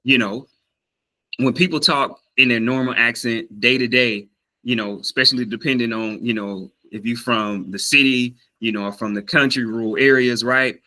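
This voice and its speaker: A man's voice: medium pitch, moderate pace, poor audio. A man with a Southern US accent, vlogging casually about learning a language, telling a story with lots of fillers and acting out voices. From Southern United States. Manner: animated, acts out quoted voices, many fillers and restarts.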